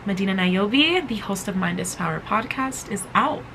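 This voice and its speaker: A woman's voice: medium pitch, animated, moderate pace, vocal fry, bright, forceful tone, slight background noise, poor audio. A woman hosting a motivational podcast, talking casually and emphatically, repeating phrases to drive her point home. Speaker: podcast host.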